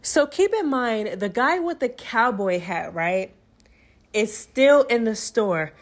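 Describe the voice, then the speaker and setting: A young adult woman recapping a movie for her channel in a chatty, animated way, acting out the characters' lines as she goes. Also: a little high, slow pace. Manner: chatty, animated storytelling with acted-out quotes.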